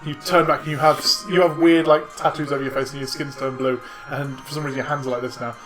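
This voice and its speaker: A man's voice: medium pitch, flat delivery, fast, over music. A man running a tabletop game as dungeon master, narrating in a chatty way with lots of fillers and laughs.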